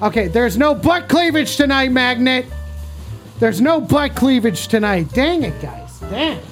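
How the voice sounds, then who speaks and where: A man's voice: extremely high pitch, animated, measured pace, a bit bright, soft background music. A man livestreaming, bantering crudely and teasingly with his chat in a casual way.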